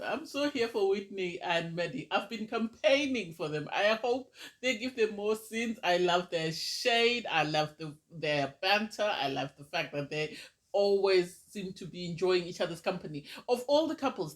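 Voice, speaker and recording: High-voiced chatty man reviewing reality TV. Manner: chatty, gushing, exclamatory. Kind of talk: casual recap and review.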